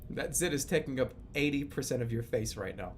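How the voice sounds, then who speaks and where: Animated man in his thirties, rambling. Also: mid-range voice, brisk, a little hiss or hum. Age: 30s. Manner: rambling, profane, animated storytelling. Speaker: streamer. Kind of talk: casual live-stream chat.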